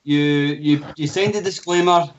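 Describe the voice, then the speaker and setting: A man's voice: on the high side, measured pace. A man co-hosting a casual online chat, playful and teasing, who stumbles and repeats his words. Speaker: co-host. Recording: muffled stream audio with background noise.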